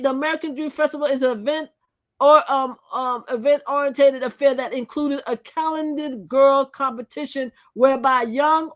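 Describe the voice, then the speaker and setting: A woman hosting a live channel, reading articles aloud and commenting in a chatty way, often repeating and restarting her phrases. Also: high-pitched. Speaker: channel host.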